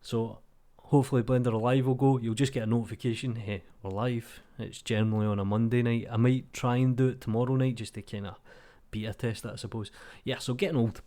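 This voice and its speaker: Fast and steady, with a dark mid-range voice, a Scottish 3D tutorial creator in his thirties talks over his gameplay in a thick Glaswegian accent. His casual vlog chatter is blunt, profane, and self-deprecating.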